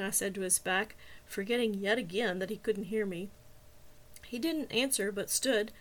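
A woman, the author, narrating her own novel in the first person with steady, measured storytelling. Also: mid-range voice. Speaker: author and reader.

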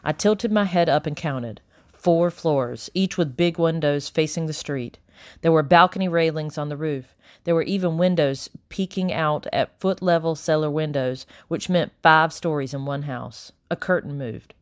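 A woman narrating a novel in the first person, steady and measured. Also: low voice, no echo, studio quality. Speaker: audiobook narrator.

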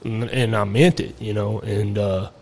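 A man's voice: fairly low pitch, steady tone, measured pace, gravelly, darkish tone. A young man, a podcast guest telling his life story in a candid, rambling way and swearing freely. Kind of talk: casual storytelling interview.

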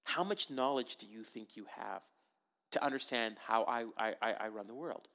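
Preacher voicing a stern, rebuking God; lower and quieter than his own voice. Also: normal speed.

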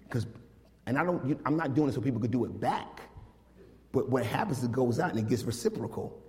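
A man preaching a casual, lively sermon, animated and full of slang, talking to his congregation like old friends. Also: mid-range voice, brisk, a little hiss or hum. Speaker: pastor. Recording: long hall reverb.

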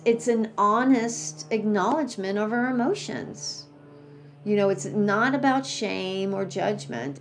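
A woman giving a reflective dharma talk as a meditation teacher, speaking gently with fillers and restarts and acting out inner thoughts in a higher voice. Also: vocal fry.

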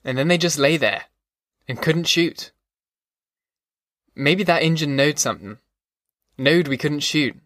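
A man's voice: a little high, a little slow, pauses often, fairly bright tone, no room sound, studio quality. A man voicing an old male army veteran who tells a haunted, folksy story around a campfire. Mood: rueful.

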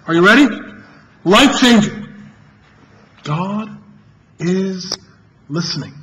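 A pastor preaching a sermon to his congregation in an earnest, emphatic way, repeating key phrases and pausing for effect. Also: high-pitched, a bit bright, dull audio, slight background noise.

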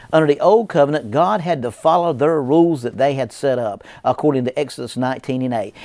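A male pastor delivers a sermon with emphatic, repetitive cadence, his voice pitched a little higher than most men's. The sound is dry and close, with almost no room echo. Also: darkish tone.

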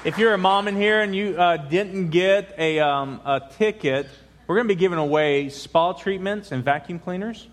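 A man's voice: high voice, normal speed, crowd noise, noisy background. A middle-aged man preaching a sermon as pastor, talking informally with frequent restarts and filler words. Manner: informal, rambling, with many restarts. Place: large church sanctuary. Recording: long church hall reverb.

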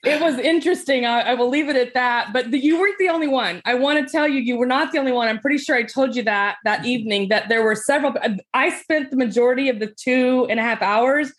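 A woman hosting a casual interview, easygoing and quick to laugh. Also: sits high. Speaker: podcast host.

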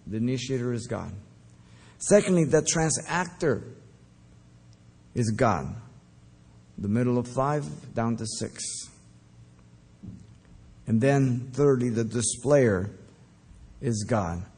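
Male pastor, mid-pitch, emphatic expository preaching, teaching pace with ums. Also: lively intonation, darkish tone, breathy edge. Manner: emphatic, deliberate, with fillers. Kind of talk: verse-by-verse Bible teaching.

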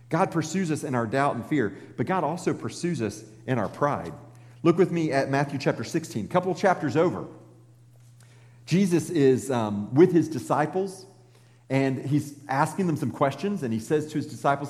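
A man preaching a sermon in a conversational, animated way and acting out the scripture he reads. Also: on the high side, moderate pace. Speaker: pastor. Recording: long reverb in a large hall.

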